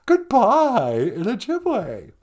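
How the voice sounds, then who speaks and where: A man's voice: huge pitch swings, a little mellow, full character voice. A man doing a giddy shrieking starlet. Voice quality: high shrieky squeal, drawn-out words. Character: bubbly starstruck young woman, giddy and shrill. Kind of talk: comic phone-call impression.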